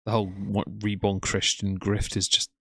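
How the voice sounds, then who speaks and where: A man with a very low voice delivers sneering live commentary on someone else's stream. His voice sounds close and dry, with almost no room around it. He mocks the streamer and greets his own chat in between. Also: monotone, moderate pace, husky, no room sound. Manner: scornful, mocking running commentary. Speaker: commentary streamer reacting to a livestream.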